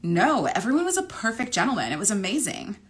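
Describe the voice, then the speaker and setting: A woman's voice: mid-range voice, very animated, fast talker, pitched above the performer's own voice, lightly acted. A woman reading as an eager freshman girl. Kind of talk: romance novel read-aloud.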